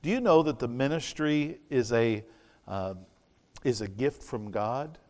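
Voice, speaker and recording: A man preaching an evening sermon, reading scripture slowly and asking the congregation rhetorical questions. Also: medium pitch, lively intonation, darkish tone, big-room sound.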